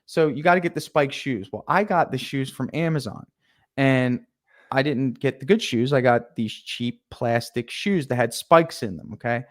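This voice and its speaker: A man's voice: mid-range voice, moderate pace. A young man telling a story in casual talk as a podcast guest, acting out his own past lines with energy. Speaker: podcast guest, painting contractor.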